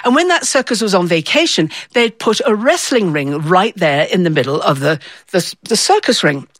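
A woman from the north of England telling a personal story in an animated, theatrical way. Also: on the low side, no echo. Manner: animated, theatrical, with playful voices.

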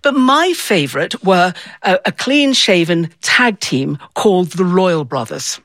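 A woman from the north of England telling a personal story in a playful, expressive way, acting out the voices in it. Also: fairly low pitch, measured pace, no echo.

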